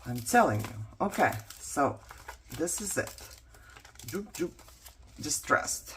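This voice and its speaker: A woman's voice: low-pitched, sing-song, slow pace, a bit bright, slight background noise. A woman vlogger chatting casually to herself and viewers as she works on a craft project, joking about how tired she is. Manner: chatty, self-mocking, talks to herself while working.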